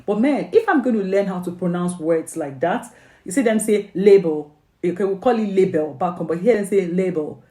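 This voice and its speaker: A woman's voice: medium pitch, lively intonation, brisk, dark tone, roomy sound. A woman with a Nigerian accent giving earnest, coaxing exam advice as an English tutor, with many questions and "okay?" checks. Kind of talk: motivational exam advice video.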